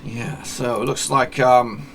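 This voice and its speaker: A man's voice: medium pitch, fairly even intonation, slow pace, creaky, fairly bright tone, slight background noise. A man chatting casually as he plays a football management game, narrating the matches like a commentator and often correcting himself as he talks. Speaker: gaming YouTuber.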